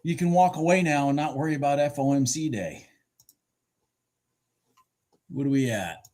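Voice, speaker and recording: A man giving casual live commentary on his futures trades, excitable and swearing freely as he talks to himself and his viewers. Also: a little high, normal speed, pauses often.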